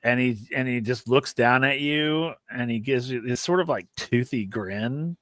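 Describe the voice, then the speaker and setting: A man's voice: mid-range voice, unhurried, a bit bright, dry recording. Man narrating as game master, dry sound. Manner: descriptive, hesitant with fillers.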